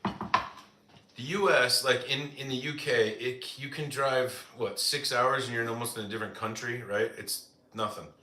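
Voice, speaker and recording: American guy chatting on a live stream, bright voice, says like a lot, echoey room. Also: mid-range voice, fairly even intonation, unhurried, a little hiss or hum. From United States. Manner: chatty, lots of "like" fillers. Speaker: live-stream cooking host. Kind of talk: casual chat reading viewer comments.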